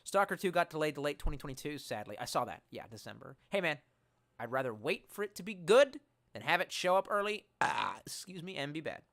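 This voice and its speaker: A man streaming live and reading his chat, animated and profane, swinging between loud outbursts and mumbled asides. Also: fairly high pitch, a little fast, vocal fry.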